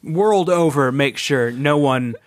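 A man co-hosting a comedy podcast, tossing out deadpan absurd rumors with halting fillers. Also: mid-range voice, no room sound, studio quality. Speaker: podcast co-host. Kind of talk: improvised comedy banter.

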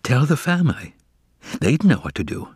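A man reading a children's novel aloud as narrator, with expressive, dramatic storytelling. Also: mid-range voice, normal speed, breathy edge, dry recording, studio quality.

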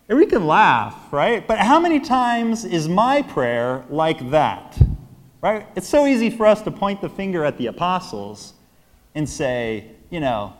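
A man with an American accent, a priest giving a homily, an animated storyteller who acts out quotes and laughs often. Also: sits high, unhurried, big-room sound. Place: church.

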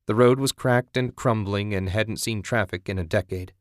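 A man narrating a story in a steady, even audiobook style. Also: lowish voice, moderate pace, no echo, studio quality.

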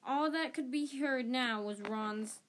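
A woman narrating an amateur audiobook reading. She reads plainly in a slightly high voice and now and then slips and restarts a phrase. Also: slow, slight background noise. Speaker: audiobook reader.

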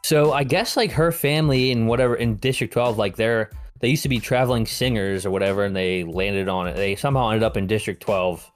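A man's voice: on the low side, fairly quick, hardly any pauses, soft background music. A man co-hosting a film review podcast, chatting casually with lots of fillers and the odd swear word. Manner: rambling, filler-heavy and profane. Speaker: podcast co-host reviewing films. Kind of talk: casual chat.

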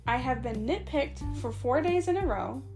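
Young woman with a high voice, chatty podcast storyteller, quoting people and laughing through it. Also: normal speed, over music. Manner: animated, acts out dialogue with laughs. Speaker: podcast co-host, massage therapist. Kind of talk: casual storytelling chat.

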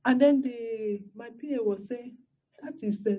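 A woman's voice: on the high side, normal speed, mellow, husky, lo-fi sound. A woman pastor, telling a personal testimony in a sermon with exclamations and repeated words.

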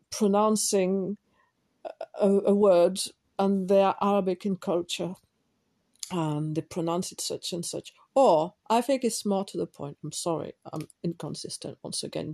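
French woman, English as second language, warm darker voice, rambling self-deprecating solo podcast talk. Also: medium pitch, creaky. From France. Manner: digressive, self-deprecating, thinking aloud. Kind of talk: casual rambling monologue.

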